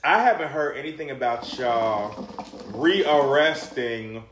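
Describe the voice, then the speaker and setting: A man's voice: mid-range voice, animated, takes it slowly. A man co-hosting a casual podcast chat who makes his points emphatically and repeats lines for effect. His voice sits in a middle register. The room echoes, and there is a faint hiss behind him. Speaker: podcast co-host.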